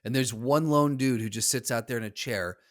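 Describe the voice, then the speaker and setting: A man co-hosting a podcast, telling a story in an animated, ranting way during casual chat. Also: mid-range voice, brisk. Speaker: podcast co-host.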